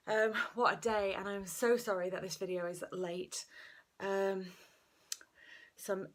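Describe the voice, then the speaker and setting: A woman's voice: medium pitch, fairly even intonation, unhurried. Chatty breathless woman vlogging. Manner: chatty, rambling with fillers. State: slightly out of breath. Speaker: vlog host. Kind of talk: casual pregnancy update vlog.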